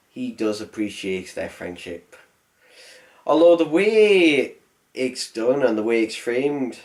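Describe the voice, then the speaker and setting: A man voicing a sarcastic, rambling film review. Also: on the low side. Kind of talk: comedic film review voice-over.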